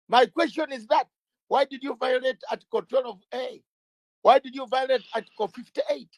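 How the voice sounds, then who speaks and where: A high-pitched, slightly bright male voice with no room sound belongs to a legal campaigner appearing as an interview guest. He talks with passion, emphatic and combative, firing off rhetorical questions and sometimes stumbling and restarting words.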